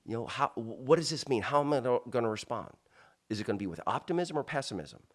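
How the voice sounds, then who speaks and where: A man from South Florida, an interview guest, telling a personal story in an animated way with many restarts and asides. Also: mid-range voice, fast.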